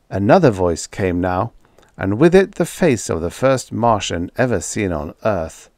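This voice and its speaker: A man narrating a vintage science fiction audiobook with expressive storytelling. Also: on the low side, a little slow, dry recording, studio quality. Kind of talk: scripted narration.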